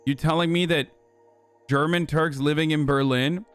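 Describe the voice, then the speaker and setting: A man's voice: fairly high pitch, fairly even intonation, normal speed, clean tone, soft background music. A man hosting a livestream, giving heated, profane commentary with lots of fillers. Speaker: livestream host.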